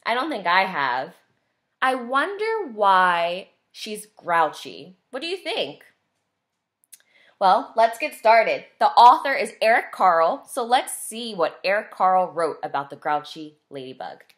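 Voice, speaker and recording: A woman teacher reading a picture book aloud to young children, asking them questions as she goes. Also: mid-range voice. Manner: slow, expressive, asks children questions.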